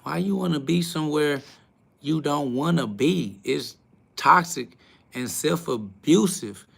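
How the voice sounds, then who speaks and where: A man hosting a livestream, ranting at his chat in a blunt, confrontational and profane way, swinging between loud outbursts and low mutters. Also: measured pace, vocal fry. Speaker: livestream host. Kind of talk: casual livestream rant to chat.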